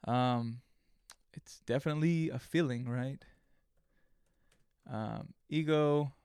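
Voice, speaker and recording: A man's voice: medium pitch, slow, darkish tone, clean tone, no room sound, studio quality. Rambling, profane man hosting a solo podcast. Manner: rambling, profane, many fillers and restarts. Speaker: podcast host. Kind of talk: casual solo monologue.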